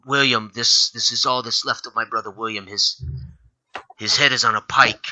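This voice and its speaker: A man's voice: fairly low pitch, steady tone, pushed and bright. A man doing a wounded, tearful soldier. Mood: grieving. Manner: halting, tearful, broken phrases. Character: wounded, grief-stricken male soldier scout. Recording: dull lo-fi recording.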